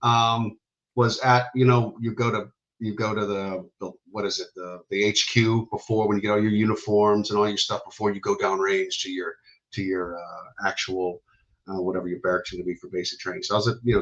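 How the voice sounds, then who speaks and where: Man in his fifties, from Michigan, army veteran guest, animated storyteller, mid pitch, muffled audio. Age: 50s. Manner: animated storyteller, quick asides. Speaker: guest, retired army ranger. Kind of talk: casual interview storytelling.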